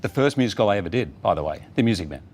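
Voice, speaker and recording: A fairly low-voiced Australian man in his fifties sits as a talk show guest and spins a warm, anecdotal story, acting out what others said along the way. A faint hum sits under his voice. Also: animated, racing. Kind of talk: casual talk show interview.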